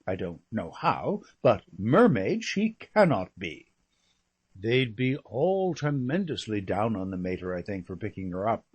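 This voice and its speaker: A man reading aloud as a chatty, flippant young English gentleman who rambles through gossip. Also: medium pitch. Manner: rambling, breezy, full of slangy asides.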